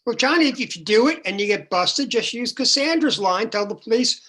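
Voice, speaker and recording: A woman's voice: on the high side, expressive, brisk, fairly bright tone. Wry woman joking on a panel. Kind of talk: casual panel chat, anecdote.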